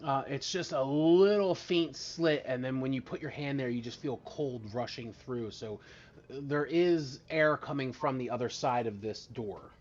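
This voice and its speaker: A man acting as dungeon master on a live tabletop game stream, chatty and excitable with many fillers. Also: medium pitch, unhurried. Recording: dull lo-fi mic.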